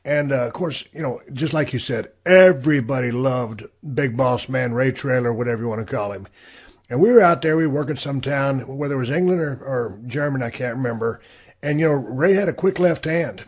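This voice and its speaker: A man's voice: medium pitch, fairly quick, husky. A middle-aged man hosting a podcast, telling a laid-back, profane story with plenty of fillers. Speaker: podcast host. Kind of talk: casual storytelling.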